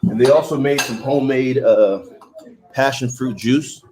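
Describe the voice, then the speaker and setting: A man's voice: medium pitch, unhurried, noisy background. A man in his thirties from Haiti, hosting a casual livestream, chatting and reading viewer comments aloud. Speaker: livestream host.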